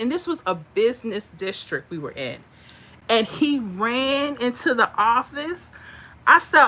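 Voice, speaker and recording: A middle-aged woman hosting a casual live stream. Her voice is bright and sits a little high, and she chats in an animated, laughing way, often acting out voices as she tells stories. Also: a little slow. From Florida. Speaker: livestream host.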